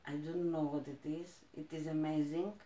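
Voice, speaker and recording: A woman from Greece with a Greek accent, chatting as she unboxes plants, gushing and halting with fillers. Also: low voice, little pitch movement, mellow, roomy sound. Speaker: plant vlogger. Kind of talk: casual unboxing chat.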